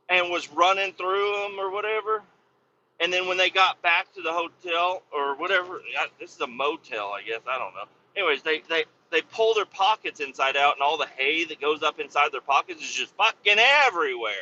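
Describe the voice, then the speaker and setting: A man hosting a podcast, telling a profane comedic story in an animated rant with loud exasperated outbursts. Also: on the high side, muffled recording. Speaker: podcast host.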